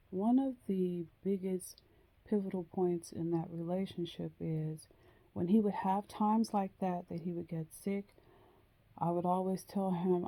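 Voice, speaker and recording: A woman telling a personal story in a slow, hesitant way, with frequent pauses and ums. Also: on the low side, dark tone. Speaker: vlogger.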